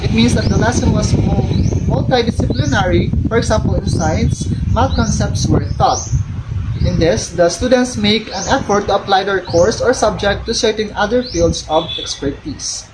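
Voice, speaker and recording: A woman's voice: mid-range voice, normal speed. A young woman, an education student reading out questions from her field study report and answering them, often restarting cut-off words. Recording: noisy recording with ambient noise and birds.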